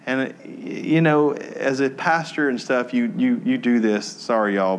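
A man preaching from the pulpit at a medium pitch. He tells a story in a soft, low voice when he is moved. Then he lifts into emphatic, repetitive teaching. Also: a little fast, hardly any pauses. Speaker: pastor. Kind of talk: sermon.

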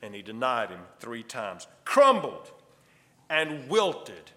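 A man preaching a sermon as a pastor, emphatic and dramatic, swinging between loud declarations and hushed lines. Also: medium pitch, huge pitch swings, slow pace. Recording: long hall reverb.

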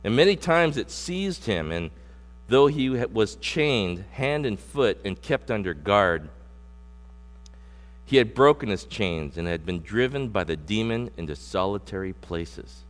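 Middle-aged male pastor, animated preaching with loud punches and slow, hushed scripture reading; long reverb, faint mains hum. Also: lowish voice. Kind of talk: sermon.

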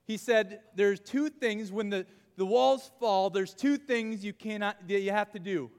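Youth pastor, male, high and bright, animated crowd-work, reverberant hall. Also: measured pace, clear, resonant tone. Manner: playful, animated, calling out to a crowd. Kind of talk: energetic youth group lesson with audience game.

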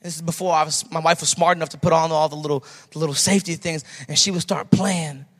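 A male pastor delivers his sermon fast, with a steady tone and a notably high, slightly bright voice. Repeated phrases carry each point home, while a long reverb tail fills the church.

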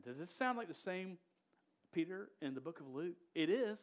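A man's voice: on the high side, lively intonation, moderate pace. A man preaching a casual, emphatic sermon who often stumbles and restarts words and drops slang like "dude".

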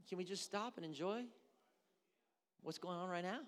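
A male pastor preaching a sermon, telling stories with humorous asides in an animated way. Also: high voice, normal speed, long pauses, long reverb tail. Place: church sanctuary.

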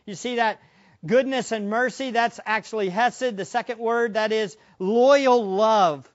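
A man preaching a sermon as pastor, impassioned, moving between hushed and loud passages. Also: sits high, measured pace, lo-fi sound.

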